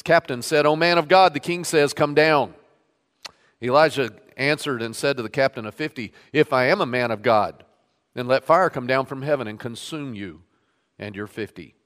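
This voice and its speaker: A man's voice: a little high, a bit bright, in a large hall. A man preaching a sermon, reading scripture aloud and stressing the quoted lines, then leading a prayer. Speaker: pastor. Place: church sanctuary.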